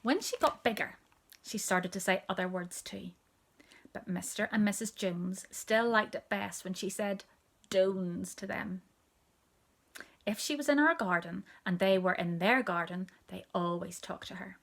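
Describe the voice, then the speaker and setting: A woman reading a children's story aloud, expressive and dropping to a hushed whisper for asides. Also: medium pitch, normal speed, vocal fry.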